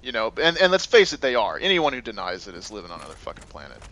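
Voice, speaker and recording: A man's voice: lowish voice, wildly swooping pitch, racing, pushed and bright. A man co-hosting a gaming video, telling rambling stories with lots of uhs and restarts. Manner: rambling storyteller, many fillers and restarts. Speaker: co-host of a gaming let's play. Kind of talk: casual gaming chat.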